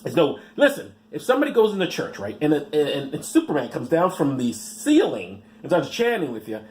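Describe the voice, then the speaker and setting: His voice is slightly high with a darkish tone, brisk, and wildly swooping in pitch. He hosts a podcast, reading out news stories before breaking into sarcastic, meandering commentary where he fumbles his words.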